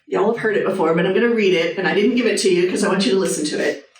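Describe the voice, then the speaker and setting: A woman's voice: medium pitch, racing, recorded from a distance. A woman, a surgeon giving an earnest, personal motivational talk with a short guided meditation to a live audience. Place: hospital hall with a live audience. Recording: echoey hall, voice from off the mic.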